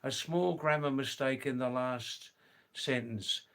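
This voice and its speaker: A middle-aged man hosting a livestream, reading viewer comments aloud and slowly, gently correcting their English. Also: mid-range voice, steady tone, gravelly, clear, resonant tone. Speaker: livestream host.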